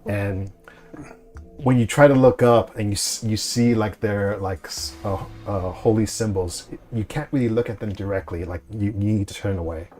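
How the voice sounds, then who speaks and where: A man narrating a tabletop game in a fairly low voice, pausing and restarting often. Quiet music plays in the background. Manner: hesitant, many fillers. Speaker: game master.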